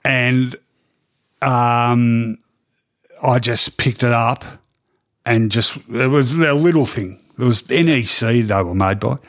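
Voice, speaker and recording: A middle-aged Australian man looks back on his sports journalism career in a laid-back podcast interview, storytelling animatedly but taking it slowly. He has a medium pitch and peppers his talk with ums and laughter.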